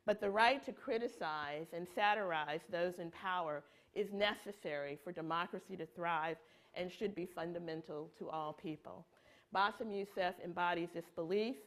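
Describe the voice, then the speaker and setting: A woman with a slightly low voice reads a prepared introduction at an event. Her delivery is measured and formal, as if read from notes.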